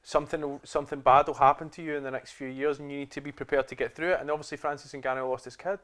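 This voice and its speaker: A man's voice: fairly high pitch, level tone, quick pace, crowd noise. A man co-hosting a podcast in casual chat, calling his friend mate a lot. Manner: chatty, says mate a lot. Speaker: podcast co-host.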